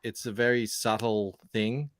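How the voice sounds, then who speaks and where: A man with a General Australian accent chatting casually on a podcast, talking in a relaxed way with restarts. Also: fairly low pitch, a little slow, dry recording. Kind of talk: casual chat.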